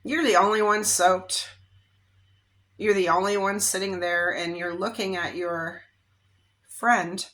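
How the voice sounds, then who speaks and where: Bright-voiced woman giving a rambling tarot reading. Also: mid-range voice, steady tone. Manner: rambling, conversational, drawn-out phrases with frequent "okay?" and fillers. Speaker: tarot reader. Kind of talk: casual psychic reading monologue.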